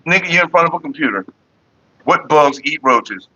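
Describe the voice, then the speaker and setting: A man from Florida streaming casually from his computer desk, cussing and ranting loudly. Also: fairly high pitch, lively intonation, normal speed. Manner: profane, cussing out bugs. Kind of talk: casual livestream rant. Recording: dull lo-fi stream audio.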